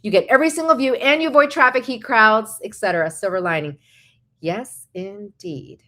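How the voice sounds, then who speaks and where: A woman vlogger giving casual, encouraging and practical advice, chatty with quick asides. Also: fairly high pitch, sharp tone. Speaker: vlogger host.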